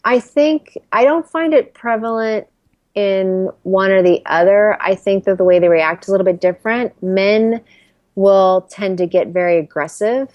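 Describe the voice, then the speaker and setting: A woman's voice: mid-range voice, moderate pace, dry recording, dull audio. A woman in her thirties, a career strategist and interview guest, talking candidly and animatedly. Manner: candid, animated storyteller who acts out quotes. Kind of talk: casual interview conversation.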